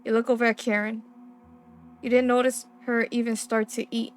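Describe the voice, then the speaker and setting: A young woman playing a horror game, reading its text aloud and reacting with excitable, slangy, swearing commentary. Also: a little high, normal speed. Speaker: gaming streamer.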